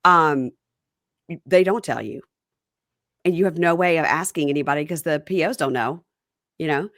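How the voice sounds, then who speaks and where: A woman hosting a casual podcast, recapping a reality TV episode with animated retelling. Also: moderate pace, no room sound, studio quality. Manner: lively, acts out quotes in a higher voice. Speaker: podcast host.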